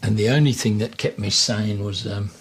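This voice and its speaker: A man's voice: fairly low pitch, normal speed, slight background noise. An older man with an Australian accent, an entertainer chatting and telling stories about his early years. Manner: chatty storyteller, warm anecdotes. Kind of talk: reminiscing conversation.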